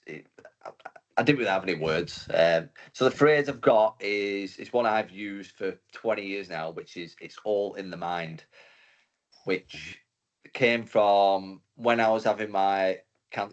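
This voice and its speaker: A man's voice: deep voice, muffled recording. A man, a guest on a podcast, laughing easily and tripping over his words. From north-west England. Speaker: podcast guest, marathon runner. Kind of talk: casual podcast chat.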